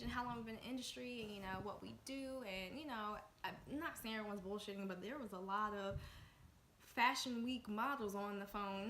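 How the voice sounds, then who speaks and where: Brief: young woman vlogger, bright and forceful, animated storytelling, echoey room. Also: medium pitch. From Washington, D.C. area, USA. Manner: animated, excitable storytelling with many fillers. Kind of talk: storytime vlog. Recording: echoey room with faint noise.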